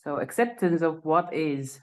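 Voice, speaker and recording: A woman's voice: low voice, animated, a little slow, darkish tone. A woman co-teacher introducing herself in a casual class, modest and a little hesitant.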